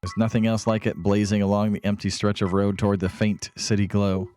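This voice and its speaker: A man's voice: on the low side, level tone, fairly quick, a little mellow, soft background music, close to an everyday voice. A man reading the lines of a brooding young loner who dreams of riding off to the city, in a game. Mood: wistful.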